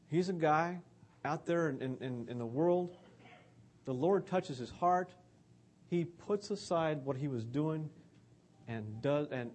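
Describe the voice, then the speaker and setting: A man's voice: fairly high pitch, darkish tone, breathy edge. A man giving an earnest, conversational sermon about scripture.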